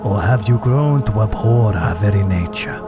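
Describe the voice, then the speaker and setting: A man voicing an ancient, vengeful drowned spirit in a slow, solemn horror monologue, deep and partly whispered. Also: lively intonation, loud music behind the voice. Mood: grim solemn. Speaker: narrating entity in an analog horror video.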